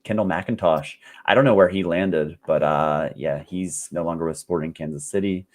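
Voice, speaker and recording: A man speaking as a guest expert on a podcast, easygoing and relaxed, with frequent "uh" fillers. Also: sits low, moderate pace. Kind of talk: casual chat.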